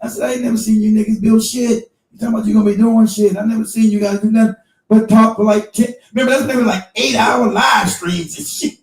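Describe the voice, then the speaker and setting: A man hosting a casual show, telling a story in an animated, profane way and acting out the voices of the people he quotes. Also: high voice, quick pace, echoey room, far from the mic, faint music behind, low-quality recording. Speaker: show host.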